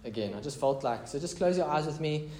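A man's voice: a little high, lively intonation, fairly quick, dark tone, roomy sound, a little hiss or hum. A man preaching a casual, conversational sermon as pastor, mixing prayer, scripture reading and chatty asides.

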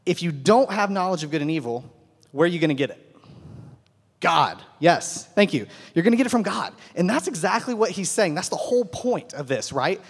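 A Bible teacher gives a group a casual, conversational lesson, checking in with his listeners often and repeatedly asking "right?" His voice sits high and sounds animated, fairly quick and slightly rough. A long hall reverb surrounds the recording.

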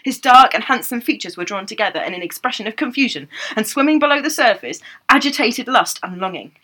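A woman's voice: on the high side, expressive, fast talker, bright, forceful tone. A woman on a comedy podcast reading a romance novel aloud in a theatrical way, breaking off to laugh and mock the prose.

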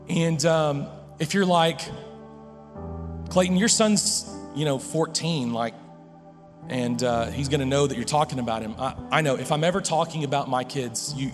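A man's voice: mid-range voice, in a large hall. A middle-aged man preaching a sermon, telling a family story with frequent restarts and quoted dialogue. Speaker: pastor.

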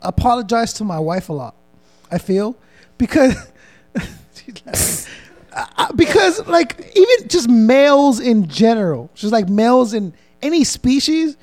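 Picture a man hosting a podcast, his voice pitched very high for a man. He rambles and jokes, acting out quotes as he goes, in a loose, playful chat. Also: very animated, a little slow, a little mellow. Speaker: podcast host.

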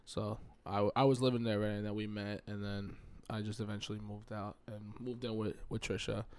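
A man with a New York accent touched by a Southern twang, chatting casually as a guest musician on a podcast, laid-back and quick to laugh. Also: fairly low pitch, little pitch movement, a little mellow, smooth. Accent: New York with a slight Southern twang. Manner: laid-back, laughs often, loose slang.

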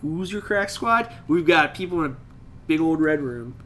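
Bright-voiced man recapping comics. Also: on the high side, expressive, slight background noise. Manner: retells scenes with quick put-on character voices. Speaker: podcast host. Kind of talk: casual comic book chat.

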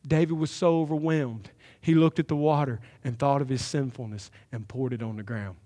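A man preaching a sermon as pastor, emphatic and building to loud climaxes. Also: medium pitch, fairly even intonation, moderate pace, in a large hall. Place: church sanctuary.

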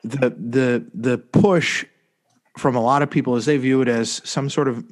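A man's voice: mid-range voice, fairly even intonation, a little slow. A man explaining at length in a hesitant way, with many fillers and restarts, in a casual soccer podcast chat. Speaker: podcast panelist.

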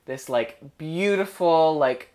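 A man's voice: a little high, takes it slowly. A young man chatting casually, telling a story full of "like" and acted-out quotes. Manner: animated storyteller, heavy filler "like", acts out quotes. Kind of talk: casual chat.

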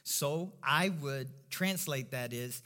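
A male pastor preaching a sermon in a church, emphatic and call-and-response, swinging from low murmurs to loud declarations. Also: takes it slowly.

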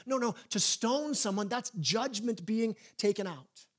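A man with a notably high voice delivers a sermon as pastor. He tells stories in an animated way, stumbles into quick restarts and acts out the quotes he uses. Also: breathy edge. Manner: animated storytelling with acted quotes and repeated restarts.

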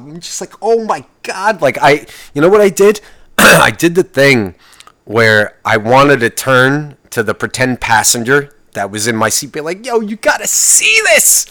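A man's voice: medium pitch, fairly bright tone, dry recording. Profane ranting young man vlogger. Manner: swears constantly, rambling, restarts and fired-up outbursts. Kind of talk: profane casual rant.

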